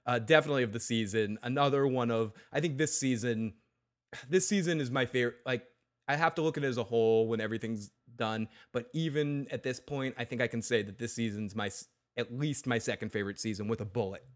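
Male podcast host, mid-pitched, excitable and rambling in a casual recap chat. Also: fast. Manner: excitable, many restarts and fillers.

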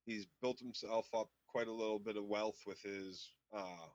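A man co-hosting a casual TV recap podcast, explaining the story in a measured way. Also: on the low side, fairly even intonation, no echo. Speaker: podcast co-host. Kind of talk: casual chat. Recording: dry, slightly dull sound.

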